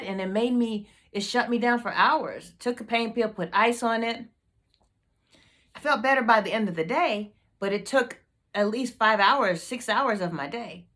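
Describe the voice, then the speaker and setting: A woman's voice: fairly high pitch, fairly bright tone. A woman hosting a motivational team meeting video, fired up and emphatic, repeating her questions to the group.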